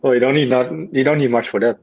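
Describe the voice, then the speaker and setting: A man's voice: mid-range voice, steady tone, fast, lo-fi sound. A man hosting a football fan stream, chatting casually, stammering and giggling as he calls the play. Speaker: host of fan channel. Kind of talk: casual live-stream chat, match commentary.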